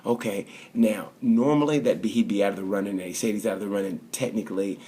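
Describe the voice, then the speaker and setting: A man's voice: fairly low pitch, quick pace, warm tone, husky. A man casually reviewing a motorcycle race in a rambling, chatty way. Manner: rambling, chatty, full of fillers and restarts. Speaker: motorsport vlogger.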